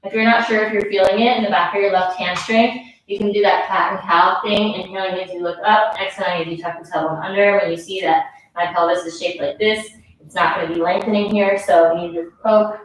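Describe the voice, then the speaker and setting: A yoga instructor leads her class in a medium-pitched, steady voice that runs a little fast. She sounds out of breath while offering casual, encouraging cues and counting down the breaths. The mic sits far away in a very echoey room.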